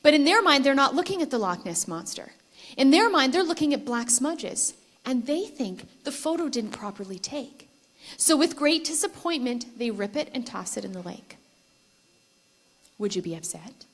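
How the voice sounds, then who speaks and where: A woman giving a conference keynote speech, telling stories in a lively way and putting questions to the audience. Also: sits high, normal speed. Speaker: keynote speaker. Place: conference stage before a live audience.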